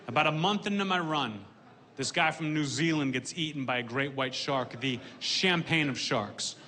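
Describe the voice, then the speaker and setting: A man performing a stand-up comedy set in a deadpan way, delivering dark punchlines dryly on a comedy stage with audience laughter behind him. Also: a little high, moderate pace, a crowd in the background.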